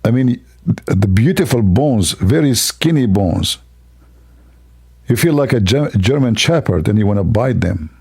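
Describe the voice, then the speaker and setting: A man's voice: lowish voice, expressive, unhurried, gravelly, warm tone, husky. A man hosting a livestream, talking in a sarcastic, rambling, mock-admiring way. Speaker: livestream host. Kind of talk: mocking livestream commentary.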